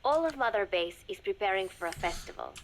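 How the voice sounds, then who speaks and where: An actress voicing a gentle, earnest young girl spy on a game cassette tape, speaking softly and formally without contractions. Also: medium pitch, expressive, fairly quick, background noise, natural voice. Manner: soft, formal, polite speech without contractions. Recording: game audio with music behind.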